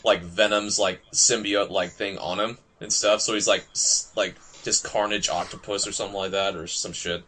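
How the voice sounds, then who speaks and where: A man co-hosting a casual gaming podcast, animated and quick to laugh, full of fillers. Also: lowish voice, breathy edge. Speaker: podcast co-host.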